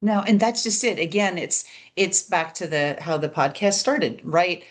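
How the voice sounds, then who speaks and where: A woman's voice: fairly low pitch, unhurried. A woman hosting a podcast, talking in a conversational, reflective way and often tagging her points with "right?". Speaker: podcast host. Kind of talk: casual interview chat.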